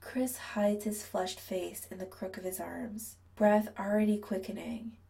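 A woman narrates a story in a low, hushed reading that keeps slipping into a whisper. Her voice has a gravelly, mellow texture. She sits a little back from the microphone. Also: fairly even intonation, a little slow, far from the mic, rough recording. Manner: soft, hushed reading that often drops to a whisper. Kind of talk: scripted narration.

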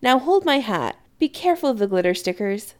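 A woman voicing a bubbly, meddling middle-aged sorceress mother who gushes in a high, sing-song way. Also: big pitch swings, fairly quick. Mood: gushing. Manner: gushing, sing-song, cheerful.

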